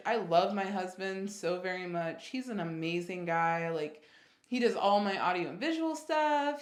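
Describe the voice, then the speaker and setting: A woman in her twenties telling a personal story casually, jumping high in pitch for quoted reactions. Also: echoey room. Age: 20s. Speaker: vlogger.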